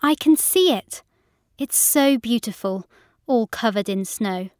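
A cheerful young woman, voiced by an actress in a recorded listening test. Her voice is on the high side and she speaks slowly. The sound is dry and close. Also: expressive, darkish tone, dry recording. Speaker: dialogue actor in a listening exam. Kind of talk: scripted dialogue reading.

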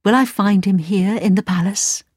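A lost little girl from a storybook, earnest and pleading as she searches for her friend, voiced by a woman reading aloud. The voice is pitched well above the reader's own, and the recording is close and dry. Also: moderate pace, darkish tone, slightly rough, no echo, lightly acted.

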